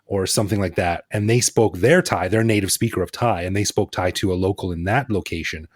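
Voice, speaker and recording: A man hosting a podcast in relaxed, thoughtful casual chat with self-deprecating asides. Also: deep voice, a little fast, breathy edge, dry recording, clean studio sound. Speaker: podcast host.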